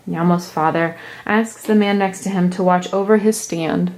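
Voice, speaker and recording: A woman narrating a children's picture book. She reads in a soft, slow, deliberate way, clearly setting out each scene. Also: lowish voice, steady tone. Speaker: storyteller. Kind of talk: picture-book read-aloud.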